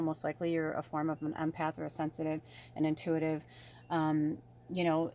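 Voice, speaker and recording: A woman's voice: lowish voice, a little mellow, a little hiss or hum. A woman casually talking through a spiritual tarot reading to her viewers, rambling and bubbly in manner. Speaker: tarot reader.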